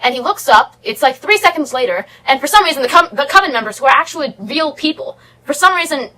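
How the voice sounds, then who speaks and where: Fast-talking sarcastic woman vlogger. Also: high-pitched, animated, bright, forceful tone, a little hiss or hum, poor audio. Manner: sarcastic, exasperated, rambling. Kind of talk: casual movie recap commentary.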